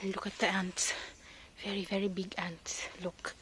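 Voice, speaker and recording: A woman's voice: mid-range voice, level tone, normal speed, a bit bright, slight background noise. A Filipino woman vlogging out of breath on a mountain trail, chatting casually in a mix of English and Tagalog. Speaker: vlogger on a hike. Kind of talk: casual vlog narration.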